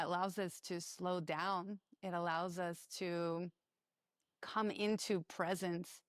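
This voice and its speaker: Slow, reflective woman on wellness. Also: mid-range voice, dry recording, clean studio sound. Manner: reflective, unhurried, gently affirming. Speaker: podcast co-host. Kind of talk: spiritual wellness chat.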